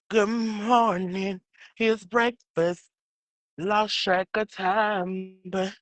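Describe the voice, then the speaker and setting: A man's voice: high voice, fairly even intonation, slow pace, fairly bright tone, no echo. A man hosting a casual livestream from outdoors by a house, talking loosely to viewers, calling them baby and boo, and drawing out a sing-song catchphrase. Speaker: livestream host.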